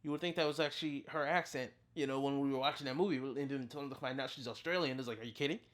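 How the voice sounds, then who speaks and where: Excitable film reviewer with big pitch jumps. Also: fast talker. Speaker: movie reviewer, channel host. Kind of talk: casual spoken film review.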